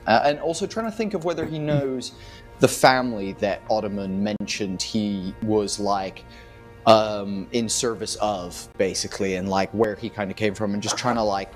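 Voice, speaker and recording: A man playing a tabletop game, describing his character's actions in a rambling way full of fillers. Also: fairly low pitch. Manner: rambling, lots of "like" and "um". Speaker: player.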